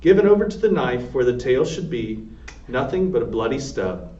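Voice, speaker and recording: A man's voice: medium pitch, moderate pace. Man reading a storybook aloud, from across a roomy space. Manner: steady, plain reading with character voices. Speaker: storybook reader, air force sergeant. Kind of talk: reading a children's novel aloud. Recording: roomy, distant, dull lo-fi sound.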